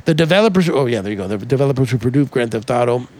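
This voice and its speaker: A man's voice: mid-range voice, animated, very fast, a little mellow. A man co-hosting a podcast in casual chat, loose and profane, with lots of fillers and restarts. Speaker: podcast co-host.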